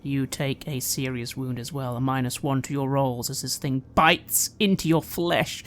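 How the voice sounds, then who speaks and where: A woman narrating a tabletop horror game as game master, with measured, dramatic description. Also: rumbling low, fairly even intonation.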